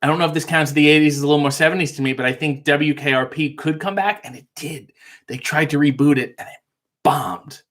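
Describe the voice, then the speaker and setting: Male live-stream host, higher voice, dry deadpan delivery with mock-insulting jokes, reading chat.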